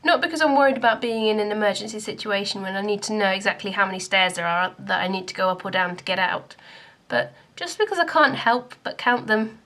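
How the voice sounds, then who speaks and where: A woman's voice: mid-range voice, fast, a bit bright, slight background noise. A young woman from Scotland, talking to camera in a chatty, self-deprecating vlog. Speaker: YouTuber.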